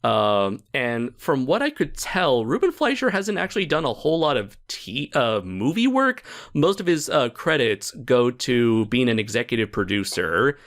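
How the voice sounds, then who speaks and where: A man hosting a casual chat, his voice lively and rising and falling a lot. He talks hesitantly, stopping on ums and restarts, and laughs often. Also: mid-range voice, normal speed, few pauses. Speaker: podcast host.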